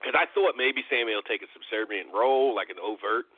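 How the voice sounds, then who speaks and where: A man's voice: on the low side, fast, husky. A man in his thirties, a podcast host, talking about wrestling in a wry, jokey, casual way. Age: 30s. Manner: wry, jokey, calls himself a scumbag. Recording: phone-line audio, dry.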